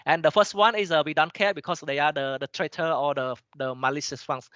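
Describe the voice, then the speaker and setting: Cambodian-accented male lecturer, quick, bright tone, halting delivery full of restarts, dull dry recording. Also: a little high, fairly even intonation, clean tone, no echo. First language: Khmer. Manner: halting, many restarts and fillers, repeats "okay?" to check understanding. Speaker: teacher. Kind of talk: lecture explaining slides, switching between English and Khmer.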